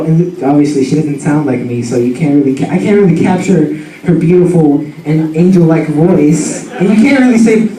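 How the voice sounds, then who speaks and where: A young man telling a funny story about his dog in an animated, slangy way full of fillers. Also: fairly high pitch, slight background noise. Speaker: student storyteller. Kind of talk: comic personal storytelling. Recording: roomy sound from a distant mic.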